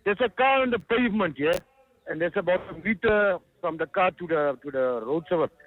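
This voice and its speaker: An older man speaks earnestly over a tinny phone line and keeps restarting his words. His voice sits high for a man. The line is dry and close. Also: lively intonation, a little fast, dry recording. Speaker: caller. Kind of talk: phone-in testimony.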